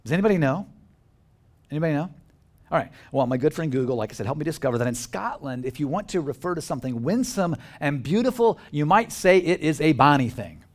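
A man's voice: on the high side, fast. A male pastor giving a conversational sermon in a church, joking with the congregation and asking them questions. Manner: conversational and animated, jokes with the congregation.

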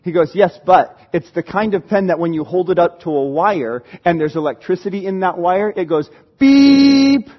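A male pastor with a high, husky voice delivers a lively, conversational sermon in a church. He talks easily with the congregation and sometimes breaks into shouts. The recording is muffled and lo-fi.

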